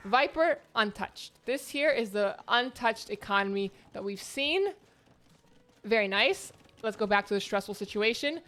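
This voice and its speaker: A woman hosting her own tournament and casting it live, giving chatty, excitable play-by-play from home. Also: medium pitch, measured pace. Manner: excitable, chatty, jumps between exclamations. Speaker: tournament host and caster. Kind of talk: live esports play-by-play commentary. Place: home, near the internet modem.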